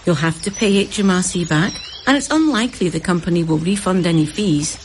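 A woman's voice: on the low side, lively intonation, fairly quick, slight background noise. A woman reading a scripted public advert in a warning, persuasive tone. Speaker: advert voice-over.

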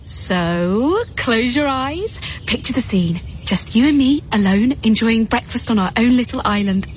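A woman's voice: fairly high pitch, lively intonation, unhurried, slight background noise. A woman voicing a playful wife in a radio advert, coaxing and teasing. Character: playful scheming wife planning a surprise. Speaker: radio ad character.

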